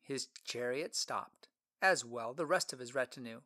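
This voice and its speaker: A man narrating an audiobook story in a clear, expressive storytelling manner. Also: medium pitch, moderate pace.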